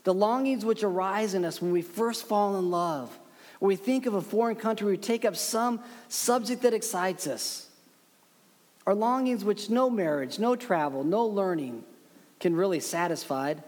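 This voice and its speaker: A man preaching a sermon as pastor, earnest and emphatic with slow dramatic pauses. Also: high-pitched, a little mellow. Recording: long hall reverb.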